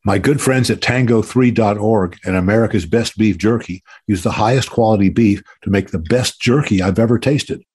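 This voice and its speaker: Husky, mellow-voiced male show host. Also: fairly low pitch, moderate pace, hardly any pauses. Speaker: podcast host, retired army officer. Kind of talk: hosting an interview and reading ads.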